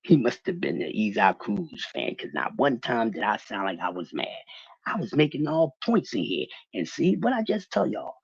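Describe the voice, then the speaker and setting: Man with a husky, lively voice. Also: mid-range voice, moderate pace, dry recording, muffled recording. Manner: profane, animated, talking back to chat. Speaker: livestream host. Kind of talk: casual livestream boxing rant.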